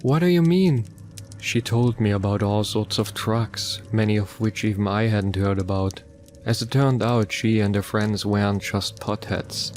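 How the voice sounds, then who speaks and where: A man narrating a first-person horror story in a somber, measured way. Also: fairly low pitch, little pitch movement, slight background noise.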